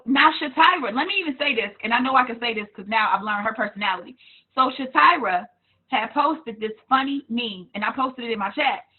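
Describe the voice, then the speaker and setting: A woman business coach giving a blunt, animated motivational talk on selling through social media, sometimes hollering with laughter. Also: high voice, breathy edge. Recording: tinny phone-like sound.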